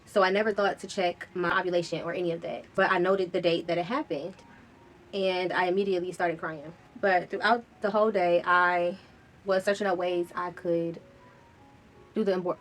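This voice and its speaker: A woman's voice: lowish voice, steady tone, normal speed, soft background music. A woman vlogger telling a personal story in a candid, casual way, swearing freely.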